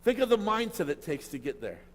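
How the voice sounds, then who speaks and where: A man preaching a sermon as a pastor, emphatic and full of rhetorical questions, swinging between loud and quiet. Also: high voice, sing-song, brisk. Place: church hall. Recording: long hall reverb.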